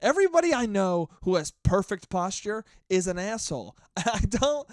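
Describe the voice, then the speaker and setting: A young man hosts his own podcast in a dry, close-miked recording. His fairly high voice swings widely in pitch as he rants with plenty of swearing. He wanders from point to point in a loose, animated monologue. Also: moderate pace, no echo. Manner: animated, profane, rambling rant. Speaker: podcast host. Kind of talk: casual solo podcast monologue.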